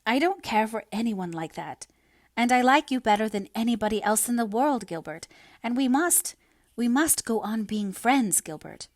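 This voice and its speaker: A woman's voice: a little high, lively intonation, normal speed, no room sound, studio quality, pitched above the performer's own voice, natural voice. A woman reading as an emotional, dreamy young woman. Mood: pleading. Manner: rapturous, pleading, then distressed.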